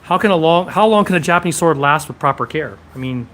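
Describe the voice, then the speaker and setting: A man's voice: a little high, lively intonation, fast, a bit bright. A man hosting a casual live stream from a sword shop, reading viewer comments and answering them one after another.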